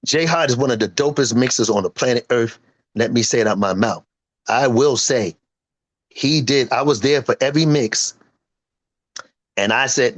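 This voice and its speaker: A man's voice: medium pitch, normal speed, pauses often, low-quality recording. A man in his fifties, a singer and producer giving an interview, talking emphatically and boastfully and acting out what friends told him. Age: 50s. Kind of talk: animated casual interview talk.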